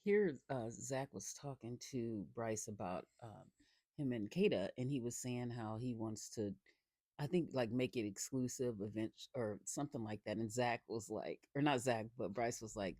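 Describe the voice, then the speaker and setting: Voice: medium pitch, normal speed, a little mellow, no room sound. A reality show reviewer giving a casual episode recap, talking loosely with many fillers and restarts and adding sarcastic, opinionated asides.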